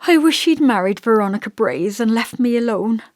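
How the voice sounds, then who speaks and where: A woman's voice: fairly high pitch, lively intonation, moderate pace, darkish tone, no echo, voice pushed up, close to an everyday voice. A subdued young wife, read by a woman narrator, guarded and evasive in a voice that rises and falls freely. Close and dry, with no room sound. An audiobook dialogue read without heavy character acting. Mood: wary.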